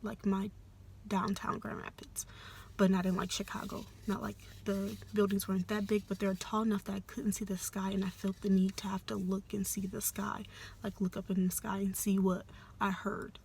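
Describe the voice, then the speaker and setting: Young woman, hushed hesitant storytelling, lots of fillers, monotone delivery. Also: medium pitch, normal speed, gravelly, a little hiss or hum. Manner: soft-spoken, hesitant, many fillers. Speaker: vlogger. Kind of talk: personal storytelling.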